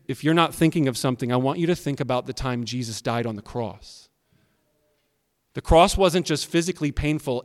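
Pastor, male, slightly high voice, lively preaching, echoing sanctuary sound. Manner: expressive preaching, addresses kids directly. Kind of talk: sermon. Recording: long hall reverb.

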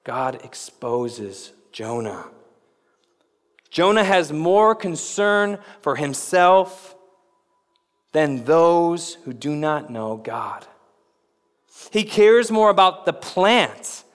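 A man preaching a sermon as pastor, with dramatic delivery that rises to emphatic peaks and drops low. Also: expressive, slow pace, in a large hall.

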